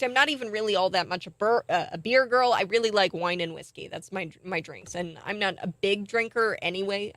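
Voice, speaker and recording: A woman's voice: fairly low pitch, no echo. A woman hosting a morning talk show, giving chatty, indignant political commentary. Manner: chatty and indignant, thinks out loud.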